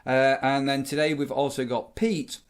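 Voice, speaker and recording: Middle-aged man, vlog host, rambling casual chat, easy mid pitch. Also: moderate pace. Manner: rambling, animated storyteller. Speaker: vlogger, campsite warden.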